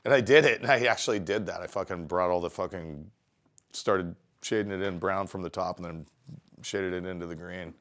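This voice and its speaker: A man with a very deep voice tells loose, rambling stories from his years tattooing, swearing constantly in a relaxed, offhand way. He livens up when he acts out what people said, then settles back into a low, easygoing delivery. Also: a little fast. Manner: heavily profane, rambling anecdotes; animated when acting out dialogue. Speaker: tattoo artist interviewee. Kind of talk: casual storytelling interview.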